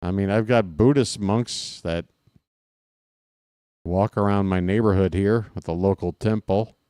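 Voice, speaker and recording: A man's voice: sits low, fairly even intonation, measured pace, warm tone, clear, resonant tone, dry recording, clean studio sound. A man calling a baseball game live for his channel, mixing play-by-play with rambling jokes and chat with viewers. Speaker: play-by-play streamer. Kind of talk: casual baseball commentary with chat.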